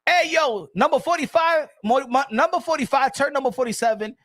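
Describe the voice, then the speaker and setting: A man hosting his own boxing channel, telling stories in a rambling, animated casual chat full of restarts. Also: extremely high pitch, a little fast.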